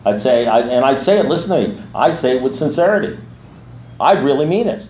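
A man's voice: mid-range voice, expressive, brisk, darkish tone. A streetwise man talks bluntly to a recovery meeting, repeating his key lines to drive them home. His voice rings around an echoey room, with a faint ambient hum behind it. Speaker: recovery meeting speaker and sponsor.

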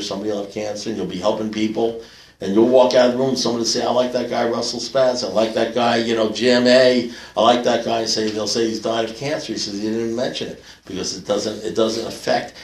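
An older man tells a wry, self-mocking story at a recovery meeting, landing his jokes with punch. His voice sits at a middle pitch. The recording picks him up from a distance in a roomy, echoing hall. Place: meeting hall with live audience. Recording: echoey room, picked up from afar.

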